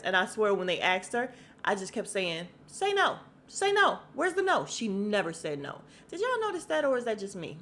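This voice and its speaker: A woman's voice: medium pitch, a bit bright, a little hiss or hum. A woman hosting a podcast, ranting casually about celebrity news, chatty and laughing often as she talks to her listeners. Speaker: podcast host. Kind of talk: casual celebrity gossip rant.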